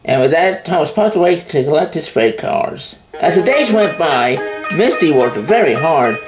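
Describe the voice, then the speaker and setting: A woman with a low voice narrates a simple storybook tale. Her telling is lively in pitch. Loud music runs behind her. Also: normal speed, rough recording.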